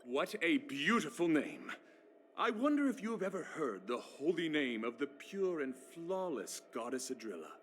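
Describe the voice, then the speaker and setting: Argenti, gallant knight. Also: male voice, on the high side, sing-song, moderate pace, a bit bright, slight background noise. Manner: flowery, gallant, theatrical. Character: flamboyant male knight devoted to beauty. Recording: game audio over music. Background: game music.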